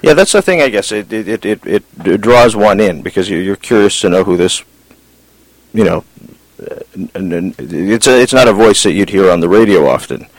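A man interviewing a guest on the radio, halting and stammering as he asks his questions. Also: lowish voice, lively intonation, dry recording, rough recording.

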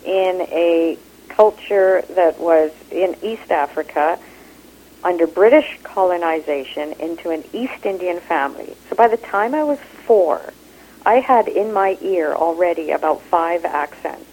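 A woman with a Canadian accent talks in an interview, animated and expressive. Her voice sits low. The sound is thin, like a phone line. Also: a little slow. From Kenya. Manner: animated, expressive, laughs easily. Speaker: actor and improv teacher. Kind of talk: interview conversation.

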